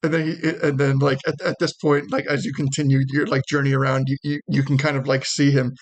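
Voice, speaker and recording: A man running a tabletop role-playing game as game master, describing scenes in a hesitant, halting way with many restarts. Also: medium pitch, little pitch movement.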